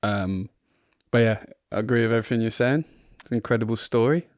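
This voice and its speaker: A man's voice: mid-range voice, a little fast, a little mellow, no room sound, clean studio sound. A man from England co-hosting a football podcast, chatting casually and rambling with frequent laughs, recorded in his front room. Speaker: podcast co-host.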